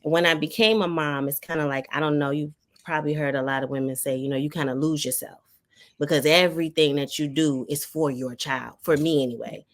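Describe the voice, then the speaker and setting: A woman from Maryland with a raspy voice, chatting as a podcast guest and reflecting on her story with plenty of fillers. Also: sits low, fairly even intonation, brisk. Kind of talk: casual podcast chat.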